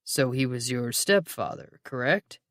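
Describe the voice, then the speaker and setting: A narrator voicing a puffy middle-aged male detective who asks calm, polite, probing questions in an audiobook. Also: mid-range voice, a little slow, no echo, studio quality, pitched below the performer's own voice.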